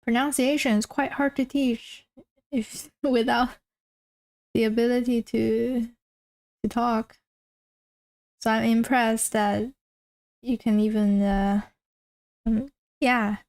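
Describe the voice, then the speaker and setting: A woman's voice: fairly high pitch, little pitch movement, slow, long pauses, darkish tone, poor audio. A woman streamer chatting casually while drawing, rambling and self-deprecating, often trailing off mid-sentence. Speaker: art streamer.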